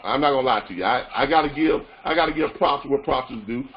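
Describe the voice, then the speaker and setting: A man leading a training call, coaching listeners with repetitive, animated talk. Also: medium pitch, fast, dull audio, a little hiss or hum. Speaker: freight broker trainer.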